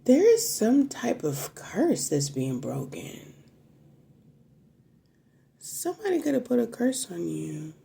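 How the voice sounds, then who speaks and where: A woman's voice: a little high, huge pitch swings, slow, creaky, long pauses, warm tone, breathy edge. A woman giving a casual, emotional tarot reading straight to her viewers, chatting freely and swearing now and then. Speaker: tarot reader.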